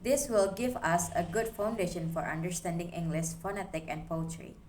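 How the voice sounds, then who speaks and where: A woman's voice: on the low side, normal speed, a little mellow, a little hiss or hum. A young woman student giving a recorded class presentation, explaining steadily as she reads through her slides.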